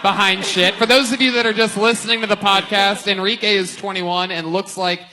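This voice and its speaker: A man's voice: high voice, fairly even intonation, a little fast, pushed and bright, rough recording. A man hosting a live comedy podcast on a club stage, brash and profane, joking with comics. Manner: brash, profane, laughing banter.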